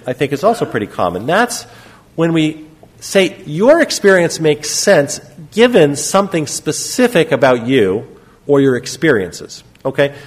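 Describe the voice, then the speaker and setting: A middle-aged man lecturing on psychotherapy in a lively, conversational way, often checking in with "okay?" and acting out short example lines. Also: mid-range voice.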